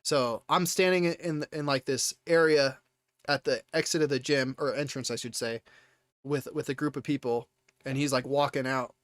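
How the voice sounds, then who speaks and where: Excitable young man telling a rambling story. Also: mid-range voice, normal speed, no room sound, studio quality. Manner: rambling and excitable, with many restarts and casual swearing. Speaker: live streamer. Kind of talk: casual storytelling.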